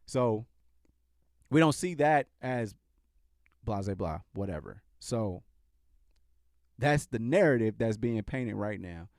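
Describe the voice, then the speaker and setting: A man's voice: lowish voice, animated, slow pace, long pauses, darkish tone, no echo, studio quality. A man hosting a podcast, talking in a casual, sarcastic commentary style and often restarting his sentences. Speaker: podcast host.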